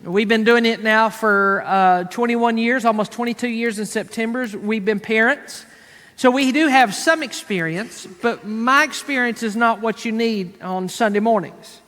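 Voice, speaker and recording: A man's voice: sits high, unhurried, fairly bright tone. A man in his forties with an East Tennessee accent, preaching a sermon in a loose conversational way with lots of fillers and restarts. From United States. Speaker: pastor. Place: church sanctuary. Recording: long hall reverb.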